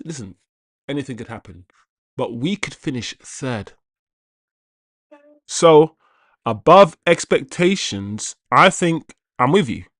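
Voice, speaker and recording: A man's voice: mid-range voice, dry recording, clean studio sound. A man hosting a live football watch-along stream, talking casually and chattily to his viewers, repeating himself and greeting viewers by name.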